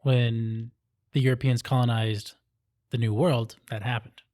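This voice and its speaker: A playful man hosts a casual podcast interview and fires off rapid quiz questions. His voice is mid-pitched and recorded close and dry in a studio. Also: little pitch movement, darkish tone, no room sound. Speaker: podcast host.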